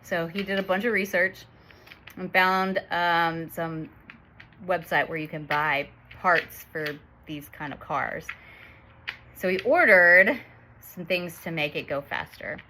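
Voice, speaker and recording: A woman's voice: fairly low pitch, slow pace, bright, forceful tone, slight background noise. A woman in her thirties telling a family story in a chatty vlog, laughing often as she talks. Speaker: vlogger and mother.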